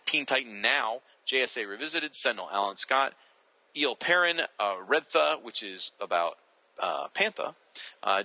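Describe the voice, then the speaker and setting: A man hosting a podcast, casually reading out listener shout-outs and stumbling over names now and then. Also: medium pitch, no echo, low-quality recording. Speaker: podcast host.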